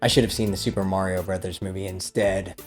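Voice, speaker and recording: A man's voice: low-pitched, little pitch movement, brisk, soft background music. A man narrating a scripted comedic film review with a dry, sarcastic delivery.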